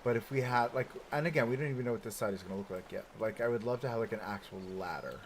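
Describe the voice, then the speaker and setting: Racing along in an animated, mid-range voice, a live streamer talks casually about the theme park he's building. His chatter is full of "like" and rhetorical "right?" as he thinks aloud, over a little hiss or hum.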